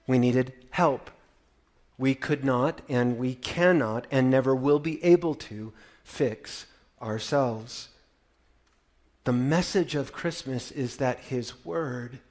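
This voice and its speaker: A man and parent preaching a sermon, swinging from loud proclaiming to hushed wonder, with wry, playful storytelling. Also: mid-range voice. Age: adult parent. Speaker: pastor.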